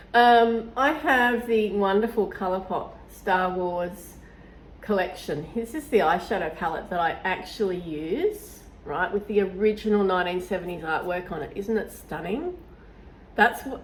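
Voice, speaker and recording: A woman's voice: on the low side, a little hiss or hum, poor audio. A middle-aged woman vlogging about her beauty collection in a chatty, enthusiastic way, her voice nasal from a recent cold. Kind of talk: casual to-camera chat.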